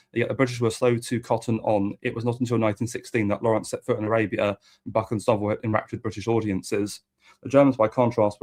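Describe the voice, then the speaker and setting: Fast flat-voiced man reading history. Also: fairly low pitch. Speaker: host reading a history text aloud. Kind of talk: reading from a book with asides.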